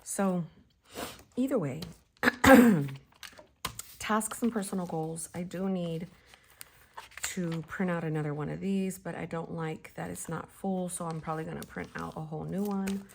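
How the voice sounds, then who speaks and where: Setting up her planner, a woman in her forties speaks in a low, creaky, unhurried voice with long pauses, over slight background noise. She giggles, chats casually, and regularly drops into a soft whisper.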